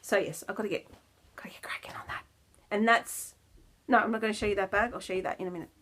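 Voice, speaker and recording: A woman hosting a knitting podcast in a casual, rambling chat, with self-deprecating laughs and soft asides that drop almost to a whisper. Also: mid-range voice, very fast, slight background noise.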